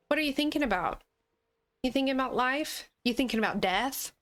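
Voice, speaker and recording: A woman's voice: fairly high pitch, lively intonation, a little fast, a bit bright. A woman hosting a gaming channel, chatting casually and playfully with frequent giggles as she plays. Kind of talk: casual gameplay chat.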